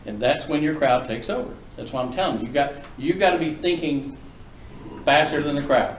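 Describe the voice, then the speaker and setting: A man lecturing a class on auctioneering in a folksy, brisk, joking manner. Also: on the high side, slight background noise. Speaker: auctioneering instructor. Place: classroom with students. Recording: echoey room from a distance.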